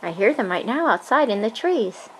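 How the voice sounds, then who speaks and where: A woman's voice: fairly high pitch, sing-song, moderate pace, breathy edge, poor audio. A woman talking playfully with a toddler in a home video, encouraging and sing-song. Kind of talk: home video, coaxing a small child.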